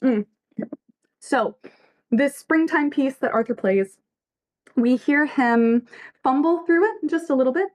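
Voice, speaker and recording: A woman's voice: high voice, expressive, slow, long pauses. A woman giving casual livestream commentary as a fanfic author, earnest and reflective, reading chat messages aloud.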